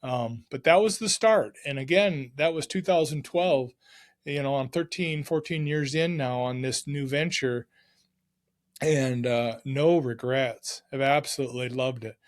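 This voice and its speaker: A middle-aged man, a podcast guest, telling stories from his working life in a casual, excited and energetic way. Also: medium pitch, a little slow. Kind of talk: casual storytelling.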